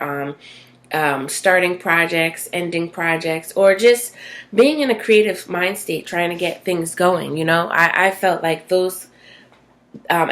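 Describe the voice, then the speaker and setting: A woman vlogging casually from her bathroom, chatty and rambling, with many fillers and tag questions. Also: on the low side. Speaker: self-help vlogger. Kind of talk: casual talking-to-camera vlog. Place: small bathroom at home.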